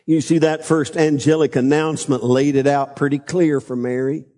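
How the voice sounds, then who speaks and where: A man's voice: on the high side, fairly even intonation, normal speed, warm tone. A man preaching a conversational Sunday sermon as pastor, prompting the congregation to repeat phrases back. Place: church sanctuary. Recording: long church reverb.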